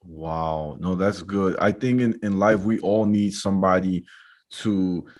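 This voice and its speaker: A man's voice: sits low, unhurried, a little mellow. A man hosting a podcast, interviewing his guest in an encouraging, reflective way. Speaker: podcast host.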